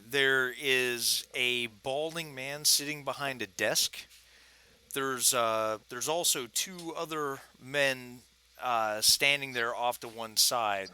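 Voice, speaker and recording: A male game master narrates a tabletop game in a bright, sharp voice. He talks in halting bursts full of fillers. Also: mid-range voice, clear, resonant tone.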